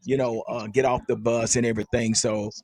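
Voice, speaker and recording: A man's voice: medium pitch, level tone, brisk, a little mellow, no echo. A man hosting a casual sports fan podcast, upbeat and chatty, laughing often. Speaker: podcast host.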